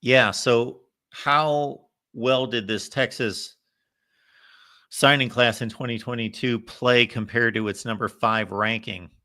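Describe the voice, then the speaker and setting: Measured, analytical sports-talk man. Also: mid-range voice, fairly even intonation, sharp tone. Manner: measured, analytical, thinks aloud. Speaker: college football podcast co-host. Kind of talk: casual sports chat.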